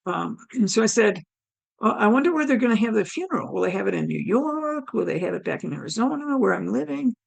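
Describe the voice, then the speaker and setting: A woman with a hoarse, damaged throat telling her near-death story, acting out her own thoughts as she goes. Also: a little high, sing-song, fast. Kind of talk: personal storytelling.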